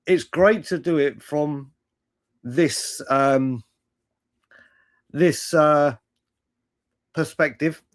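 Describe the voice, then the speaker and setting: A young man hosting a casual live fan chat stream, rambling and laughing as he greets viewers in the chat. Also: fairly high pitch. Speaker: livestream host.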